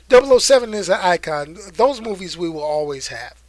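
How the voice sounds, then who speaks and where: A young adult man hosting a casual live stream, animated and hyped, slangy and talkative. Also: high-pitched, a little fast, dry recording. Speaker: host.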